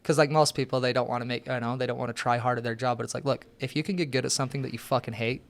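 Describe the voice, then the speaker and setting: A man's voice: medium pitch, rapid-fire, creaky. A young man, an interview guest, telling rambling, profane stories in casual chat. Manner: profane, rambling, animated storyteller.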